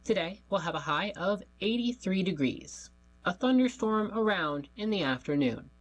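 Radio reader: woman, husky, steady, reads the forecast plainly. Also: mid-range voice, moderate pace, poor audio. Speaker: volunteer newspaper reader. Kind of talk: reading a weather forecast aloud.

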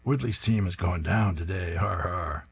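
A boastful comic-strip husband, trash-talking in mock-tough tones, a bit low, as a man reads him out. Husky and gruff. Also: a little slow, full character voice.

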